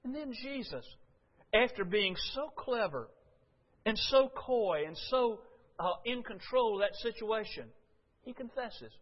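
A man preaching a sermon in a high, bright voice, his delivery swelling with passion. The sound is dull and lo-fi, with a long reverb ringing through a church hall. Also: lively intonation, unhurried. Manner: impassioned, rising loud when quoting Jesus.

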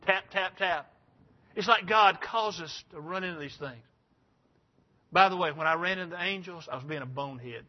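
High-voiced older preacher. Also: male voice, fairly quick. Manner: folksy, rambling, emphatic. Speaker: pastor. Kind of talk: sermon. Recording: dull lo-fi sound.

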